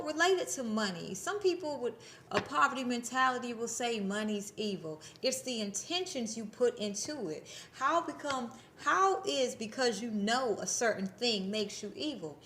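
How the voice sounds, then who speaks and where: A spiritual channel host in her thirties talks casually to camera for her viewers, her voice on the high side and a bit bright, with a little hiss or hum in the audio. She's blunt and preachy and swears freely.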